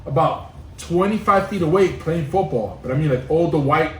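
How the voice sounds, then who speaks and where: A man's voice: on the high side, normal speed, a little hiss or hum. A man from Brooklyn telling a profane story in casual podcast chat, acting out the other characters' lines. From Brooklyn, New York. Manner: animated, profane, acts out voices while telling stories. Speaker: podcast co-host. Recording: echoey room, mic at a distance.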